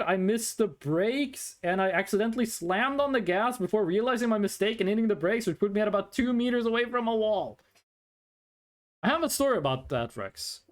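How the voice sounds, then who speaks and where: High, lively-voiced male streamer. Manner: rambling, reads chat aloud, frequent ums. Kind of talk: casual live-stream chat.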